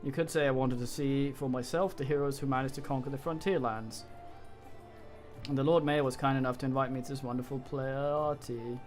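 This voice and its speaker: A man's voice: medium pitch, steady tone, brisk, faint music behind, lightly acted. A man voicing a haughty young nobleman who talks in a self-assured, persuasive way. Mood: confident.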